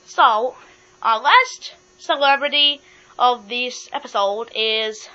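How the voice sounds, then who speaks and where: A woman hosts a playful pretend talk show with toys, speaking slowly in a high, bright voice. Bossy and matter-of-fact, she moves her guests along, while the dull, lo-fi recording carries mains hum.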